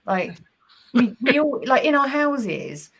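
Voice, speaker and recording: A woman co-hosting a live panel discussion, talking in an animated way full of "like" and quoted reactions. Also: sits high, takes it slowly, slightly rough. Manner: animated, lots of "like". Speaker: co-host.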